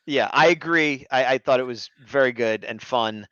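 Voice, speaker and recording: A man's voice: mid-range voice, moderate pace, pushed and bright, smooth, no room sound. A man co-hosting a casual review chat, easygoing and laughing often. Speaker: podcast co-host. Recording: slightly muffled lo-fi mic.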